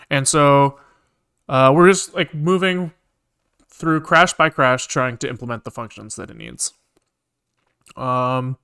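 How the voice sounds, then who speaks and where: A man's voice: mid-range voice, a bit bright. A man casually explaining his programming work on a live stream, talking loosely and thinking aloud with lots of filler words.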